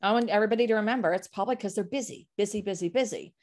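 Animated woman sales coach, mid-pitched. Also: rapid-fire. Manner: animated, emphatic, talks in vivid examples. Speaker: sales coach and podcast guest. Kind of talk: casual interview talk.

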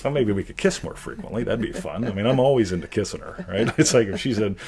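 A man hosting a live question session, in a joking, animated manner, laughing often and acting out little voices. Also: lowish voice, quick pace, crowd noise. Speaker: host. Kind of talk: casual chat answering questions.

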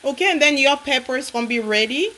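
A woman's voice: high voice, expressive, fast talker, sharp tone, slight background noise, poor audio. A woman cooking on camera, talking sassily and teasingly to her viewers and calling them honey. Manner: sassy, teasing, calls viewer honey, repeats "okay?". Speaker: cooking vlogger. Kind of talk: casual cooking demonstration. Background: frying sizzle.

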